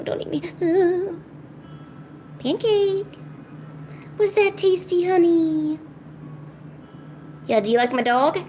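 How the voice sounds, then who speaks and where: A woman's voice: fairly high pitch, slight background noise. A woman streamer chatting casually at home, cooing to her pets in baby talk. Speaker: art streamer. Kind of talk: casual chat to pets and viewers.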